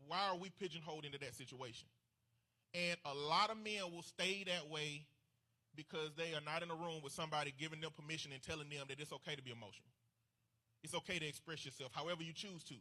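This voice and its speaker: A man's voice: on the high side, sharp tone. A man speaking earnestly and emphatically about men's emotions, sometimes repeating words as he talks. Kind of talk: casual opinion talk.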